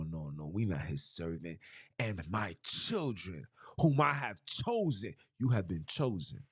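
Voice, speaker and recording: Animated preaching podcast man. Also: low-pitched, slightly rough. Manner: emphatic, repeats lines, rhetorical questions. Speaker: podcast host. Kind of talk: preaching-style scripture commentary.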